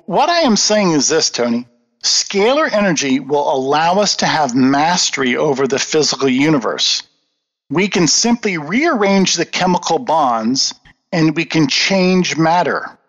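A man's voice: on the high side, sing-song, a little slow, fairly bright tone. A man answering interview questions in an earnest, emphatic, lecturing manner. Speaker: guest. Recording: dull lo-fi audio with long reverb.

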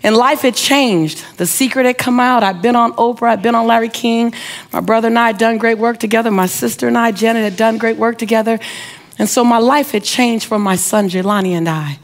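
A woman's voice: fairly high pitch, brisk. A middle-aged woman giving an inspirational speech, telling a personal story with emphatic repetition and speaking straight to her audience. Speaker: motivational speaker.

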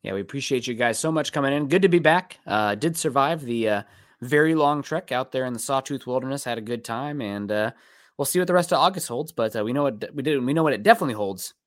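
A man talks quickly and casually as host of a sports podcast, wandering through thank-yous and plugs. His voice sits mid-pitch and close to the mic, with a dry, dead room around it. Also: expressive, dry recording. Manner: loose, rambling, thanks listeners by name.

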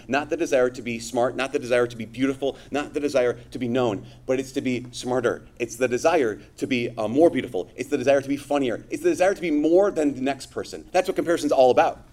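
A man giving a conversational sermon to his congregation, animated, with frequent asides. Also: mid-range voice. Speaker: priest.

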